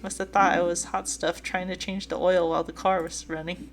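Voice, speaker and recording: A woman's voice: on the low side, little pitch movement, brisk, slight background noise, lightly acted. A woman voicing a folksy, joking older male boat owner with a light put-on Southern drawl while reading a dating game aloud. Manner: teasing, folksy storytelling.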